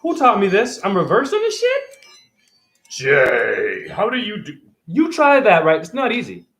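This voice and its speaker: A man's voice: high voice, very animated, a little fast, a bit bright, soft background music. A man in his forties preaching and ranting to his audience on a phone livestream, combative and swearing, often firing questions at viewers. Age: 40s. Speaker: livestream host. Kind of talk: rambling livestream monologue.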